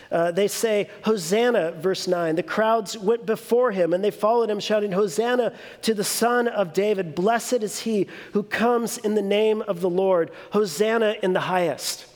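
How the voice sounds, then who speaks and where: A man preaching a sermon as a pastor, teaching through rhetorical questions and emphatic pauses. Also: high voice, long reverb tail.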